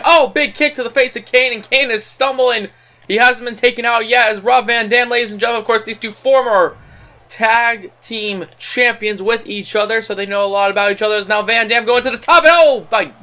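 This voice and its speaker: A young man calls a video game wrestling match play-by-play, like a gaming channel host. His voice sits high and bright. He uses an excited announcer style, filling gaps with ums and correcting himself mid-sentence.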